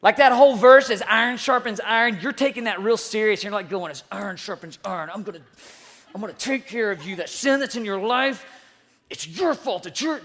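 A woman youth pastor giving an evening sermon in a casual, conversational way, often restarting phrases and acting out quoted voices. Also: fairly high pitch. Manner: acts out quoted voices to make points.

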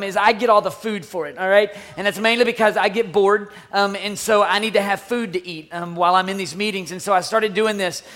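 A middle-aged man preaching, telling a personal story in a dramatic, animated way with sudden shouts and hushed asides. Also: high voice. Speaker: pastor. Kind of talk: sermon storytelling.

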